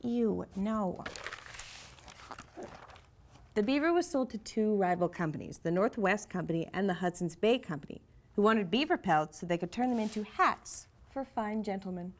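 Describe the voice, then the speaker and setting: A woman's voice: mid-range voice, lively intonation, moderate pace, a little hiss or hum, lightly acted. A woman explaining history as a narrator in a comedy sketch, matter-of-fact and lightly amused.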